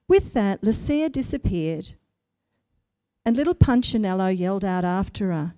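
A woman reading a children's story aloud, expressive and speaking directly to her young listeners. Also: mid-range voice, a little slow, dry recording.

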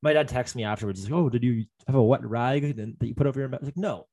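Young guy, casual storyteller, rambly, filler-heavy, mid-pitched. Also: very fast, mellow, slightly rough. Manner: rambling, many fillers and restarts. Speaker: guest telling a story. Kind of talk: casual chat.

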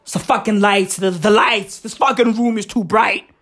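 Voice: mid-range voice, fairly even intonation, moderate pace, fairly bright tone. A woman putting on a manic, teary male politician who swears and insists he is fine while laughing through it. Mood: manic denial. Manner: profane, manic ranting with forced laughter.

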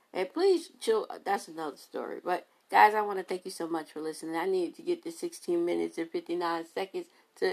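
A woman's voice: mid-range voice, creaky. A woman, a mother, talking casually and emphatically to her podcast listeners, repeating phrases for effect. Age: adult mother. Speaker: podcast host.

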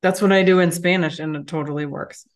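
Woman, low register, podcast co-host, relaxed and chatty. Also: brisk. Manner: chatty and reflective. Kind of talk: casual chat.

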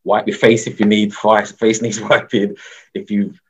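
Male guest, low and husky, loose rambling talk full of fillers, dull lo-fi audio. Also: flat delivery, moderate pace. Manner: rambling, many "you know" fillers, laughs often. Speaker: guest, mushroom educator. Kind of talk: casual conversational interview. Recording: dull lo-fi sound.

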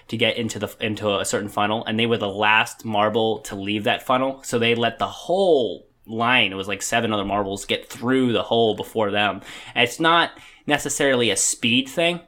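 A man's voice: fairly low pitch, a little fast, fairly bright tone. A young man co-hosting a podcast, chatting casually in a rambling, hesitant way with many restarts. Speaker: podcast co-host. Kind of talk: casual chat.

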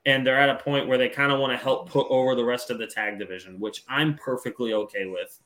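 A man's voice: mid-range voice, brisk, a crowd in the background. Casual rambling man on a podcast. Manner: relaxed, rambling, frequent ums. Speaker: podcast co-host. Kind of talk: casual wrestling podcast chat.

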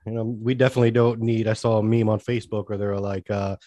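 Laid-back low-voiced podcast co-host man. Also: level tone, fast, dark tone, no echo. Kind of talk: casual chat.

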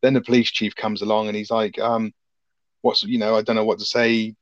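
A man's voice: on the low side, level tone, a little fast, no room sound, lo-fi sound. A man co-hosting a podcast, rambling and swearing cheerfully as he recaps a film. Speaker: podcast co-host. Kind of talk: casual film review chat.

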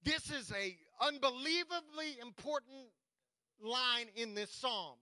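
A man, the church pastor, preaching a sermon, reading scripture slowly and with emphasis and talking straight to the congregation. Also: very high voice, bright, forceful tone, no room sound, low-quality recording.

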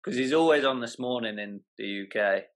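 A man's voice: medium pitch, brisk, a bit bright. A man from England with a British accent, a guest judge on a casual chat show, dry and blunt. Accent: British English.

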